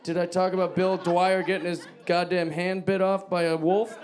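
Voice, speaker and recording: A man doing a stand-up set, animated and mocking, with a live audience behind him. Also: sits high, moderate pace. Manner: animated, mocking impressions of a friend. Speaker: comedian. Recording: live club with loud crowd noise.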